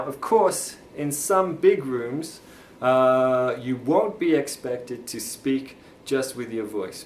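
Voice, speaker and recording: Man teaching in an echoey room. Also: mid-range voice. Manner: plain, patient explaining with demonstrations. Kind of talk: instructional video lesson. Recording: echoey room with faint ambient noise.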